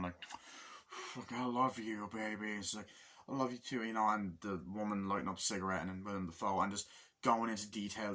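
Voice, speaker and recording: A man giving a casual spoken film review, swearing freely and acting out scenes in sudden outbursts. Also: fairly low pitch. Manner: profane and excitable, acts out scenes in bursts. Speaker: movie reviewer.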